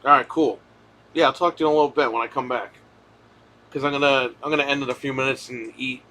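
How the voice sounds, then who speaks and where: Guy streaming, bright punchy voice, cursing, telling a story all worked up. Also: medium pitch, fast. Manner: profane, animated storytelling. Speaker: streamer hosting a live Q&A. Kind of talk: casual live-stream chat.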